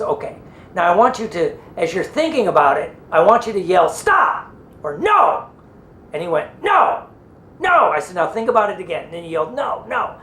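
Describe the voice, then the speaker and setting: A man teaching hypnosis techniques in a loose, rambling way, often slipping into the voices of the people in his story. His voice carries a roomy echo. A faint low rumble sits underneath the recording. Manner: rambling, acts out what people said. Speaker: hypnosis and NLP trainer. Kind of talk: conversational teaching through a story.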